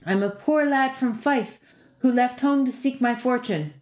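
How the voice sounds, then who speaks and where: Brief: woman narrator doing a boastful young fortune-seeker, high-pitched, echoey. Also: unhurried, natural voice. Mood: eager. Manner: eager, high and pleading. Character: boastful young lad from Fife, later terrified.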